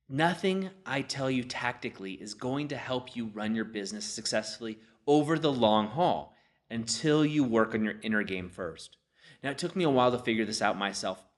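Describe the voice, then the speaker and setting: Conversational man coaching business owners. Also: medium pitch. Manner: conversational, frequent "you know" asides. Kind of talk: motivational storytelling talk.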